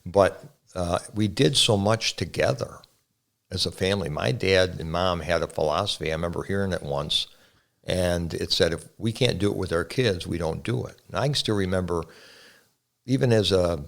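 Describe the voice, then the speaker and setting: An older man, a pastor, speaks with a low, creaky voice at a moderate pace. Talking casually and earnestly with his son as a guest, he reminisces about growing up with his family.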